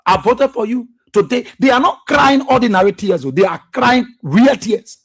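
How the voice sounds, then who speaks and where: A radio talk show host with a very high, husky, breathy voice delivers fiery political commentary at normal speed with a fairly bright, animated tone. He is preachy and impassioned, hammering his points home by repeating phrases.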